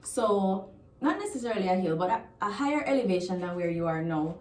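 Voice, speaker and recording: A woman's voice: medium pitch, big pitch swings, fairly quick, darkish tone, roomy sound, distant mic. A woman from Jamaica with a Jamaican accent, teaching a language lesson and patiently repeating example phrases.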